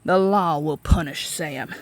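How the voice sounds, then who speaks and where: A woman voicing a drunk, leering small-town male sheriff who speaks in a slow, low drawl. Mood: mocking.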